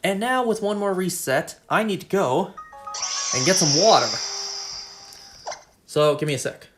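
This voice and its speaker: Chatty Canadian streamer over game music. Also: male voice, sits high, animated, measured pace. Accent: Canadian English. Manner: rambling, chatty, repeats himself. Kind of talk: casual chat while gaming.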